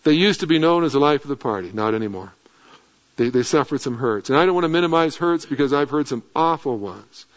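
A middle-aged male pastor telling a lively story in a sermon, then sinking into earnest, low, quiet appeals. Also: quick pace. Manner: animated anecdote, dropping to earnest low tones. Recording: dull lo-fi sound.

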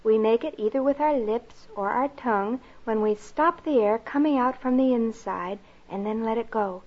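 A woman narrates a rhyming children's story in a slow, expressive, sing-song manner. Her voice is somewhat high and breathy, with soft music under a dull, lo-fi recording. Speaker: narrator and teacher.

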